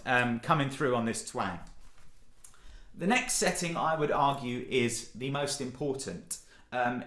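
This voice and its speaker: A man coaches a group through vocal warm-ups, upbeat and encouraging, demonstrating each sound with loud whoops and yells. His voice is bright and full of lively swoops in pitch. The room around him is echoey. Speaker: singing workshop leader. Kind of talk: online vocal warm-up session.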